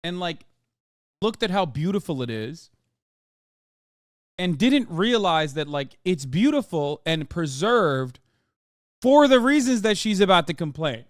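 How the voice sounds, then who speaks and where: A man hosting a live-stream reaction, talking in an animated, profane, ranting way. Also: high voice, unhurried, pauses often, no echo, studio quality. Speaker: streamer host.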